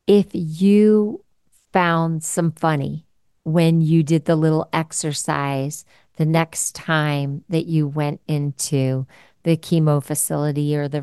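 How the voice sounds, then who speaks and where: Low-voiced woman hosting a podcast. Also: smooth. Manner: warm, emotional, repeats herself. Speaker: podcast host. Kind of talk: heartfelt podcast chat and sign-off.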